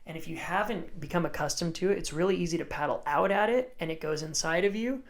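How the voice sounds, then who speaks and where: A man's voice: on the high side, fast talker. A man guest on a podcast, casually telling a story in laid-back surfer talk, full of "like" and acted-out dialogue. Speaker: guest, surfer and surf coach.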